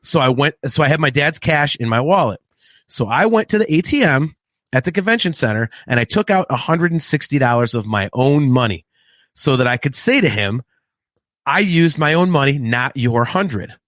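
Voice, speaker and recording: A man in his late forties co-hosts a casual podcast and tells stories with animated energy, laughing often. His voice sits at a middle pitch. The close, dry recording has no room sound. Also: a little fast, dry recording. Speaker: podcast co-host. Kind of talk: casual chat.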